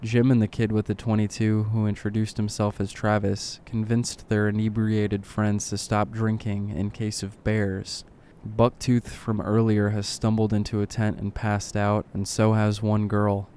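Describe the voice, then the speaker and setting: A man reading a horror story aloud in short clipped lines, keeping his voice low and subdued. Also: monotone, unhurried, hardly any pauses, mellow, a little hiss or hum. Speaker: narrator.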